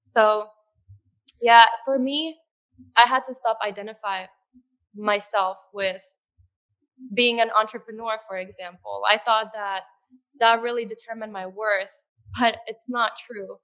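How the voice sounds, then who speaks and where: A woman speaking as a podcast guest in an earnest, conversational way, with soft laughs and fillers. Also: fairly high pitch, fairly even intonation, measured pace, pauses often. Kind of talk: conversational interview.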